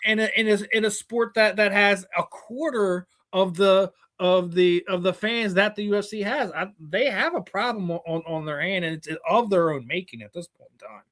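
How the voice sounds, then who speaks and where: A man's voice: high voice, moderate pace, hardly any pauses, a bit bright. A man hosting a casual sports interview, making long, winding, opinionated points. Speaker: interview host.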